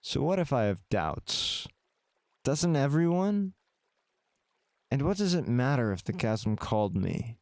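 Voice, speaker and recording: A man's voice: mid-range voice, sing-song, unhurried, pauses often, a little mellow, no room sound, clean studio sound. A man streaming a visual novel, reading the game text aloud with casual, wry asides to his chat.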